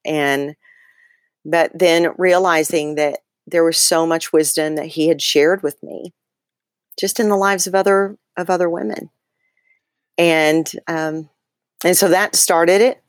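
A woman with a lower voice talks through a personal story as an interview guest. She is animated and keeps restarting her sentences with ums and likes. The recording is close and dry. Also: takes it slowly, dry recording. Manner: animated retelling with many fillers and restarts. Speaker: guest author.

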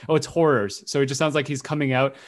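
A man's voice: mid-range voice, fairly even intonation. Rambling man on a podcast. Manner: rambling, self-correcting, quick to laugh. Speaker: podcast co-host. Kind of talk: casual chat.

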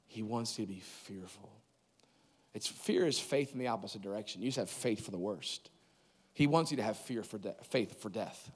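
A man preaching a sermon at a church service, animated, with loud emphatic peaks and quick asides. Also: fairly low pitch, slightly rough. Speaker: pastor. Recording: long reverb of a large hall.

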